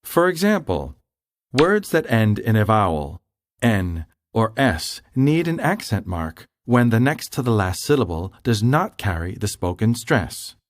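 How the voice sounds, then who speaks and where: Man, language lesson narration, measured explanations, lively pitch, dry close sound. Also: dry recording. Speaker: language instructor. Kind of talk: scripted instructional narration.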